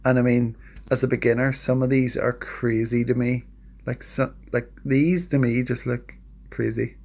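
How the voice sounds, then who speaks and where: A man talking through his computer screen in a casual how-to vlog. He rambles in a relaxed, self-deprecating way and slows down, hesitant, when he sounds out words. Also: mid-range voice. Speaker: language learner vlogger. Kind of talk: casual screen-share tutorial. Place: at a home computer.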